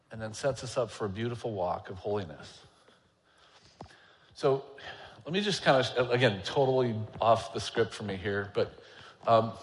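A man's voice: mid-range voice, long reverb tail. A man, an elder preaching a sermon, talking candidly and conversationally with a self-deprecating manner. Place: church sanctuary.

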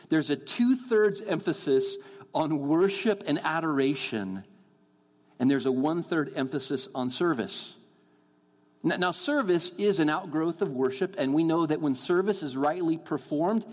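A man delivers an earnest sermon in a church, his voice set a little high and ringing through a long hall reverb. He speaks to the congregation as folks and slows down to drive his points home. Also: darkish tone. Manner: earnest, addresses the crowd as folks, slows down for emphasis. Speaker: guest preacher. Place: church sanctuary.

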